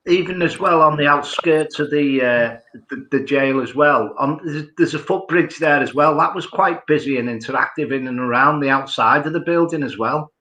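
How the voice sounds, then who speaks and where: Man, casual chat, rambling, bright voice, echoey room. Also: a little high, normal speed, a little hiss or hum. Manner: rambling, piles on "as well".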